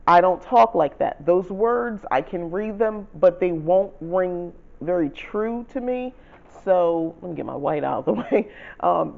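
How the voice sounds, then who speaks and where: Man, gravelly voice, a bit high, casual spell-writing tutorial, self-correcting, lo-fi home video. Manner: chatty, self-correcting, laughs softly, reads spell lines slowly. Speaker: channel host teaching spell writing. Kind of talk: casual how-to explanation.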